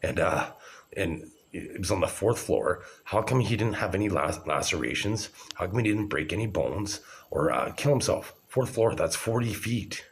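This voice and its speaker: Man in his forties, extremely low voice, agitated and rambling, swears a lot. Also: expressive, normal speed, slight background noise. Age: 40s. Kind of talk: rambling monologue to camera.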